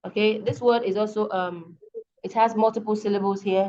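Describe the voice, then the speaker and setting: A woman's voice: mid-range voice, steady tone, moderate pace, warm tone, dull audio, slight background noise. Nigerian woman teaching over video call. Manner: explains patiently, checks understanding with questions. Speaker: English teacher. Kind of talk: online tutorial lesson.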